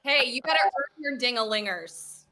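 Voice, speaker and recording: A woman's voice: a little high, expressive, moderate pace, pushed and bright. A woman co-hosting a casual livestream, playful and teasing. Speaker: co-host.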